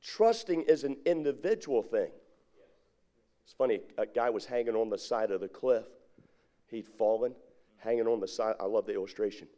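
A man's voice: fairly low pitch, normal speed, mellow. A middle-aged man preaching a sermon as pastor, drawing his congregation in with call-and-response questions.

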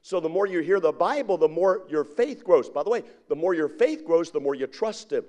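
A man's voice: fairly high pitch, expressive, brisk, dark tone. A middle-aged man preaching a sermon as pastor, drawing his congregation in with call-and-response questions.

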